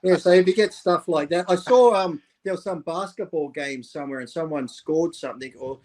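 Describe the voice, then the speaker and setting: A man's voice: on the high side, fairly quick, darkish tone. A man co-hosting a casual chat, joking and chiming in with quips. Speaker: regular co-host.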